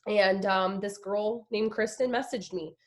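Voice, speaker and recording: A woman's voice: medium pitch, fairly even intonation, measured pace. A woman in her thirties, a guest speaker telling a personal story to an online group in a chatty, emphatic way, with lots of filler words. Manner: chatty and emphatic, heavy use of "like".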